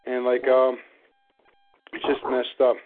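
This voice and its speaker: A man's voice: medium pitch, completely flat delivery, takes it slowly. A man on a casual talk show, going off on long rambling rants full of "like" and "you know.". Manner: rambling, ranting, lots of fillers. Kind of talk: casual phone-in chat. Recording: narrow phone line.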